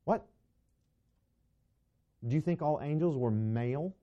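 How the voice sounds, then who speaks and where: A man's voice: mid-range voice, normal speed, dark tone, muffled recording. A man teaching a Bible lesson to a class in a conversational, digressive way, with asides to his students.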